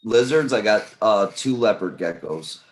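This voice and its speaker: A man in a casual group chat with a somewhat low voice. He tells stories with a dry, joking delivery. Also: animated, measured pace, crowd noise.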